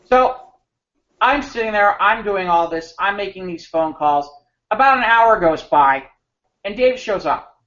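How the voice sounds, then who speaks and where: A man co-hosting a podcast, telling an animated, rambling anecdote with frequent restarts. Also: high-pitched, unhurried. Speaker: podcast co-host. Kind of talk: casual storytelling chat. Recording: slightly muffled podcast audio.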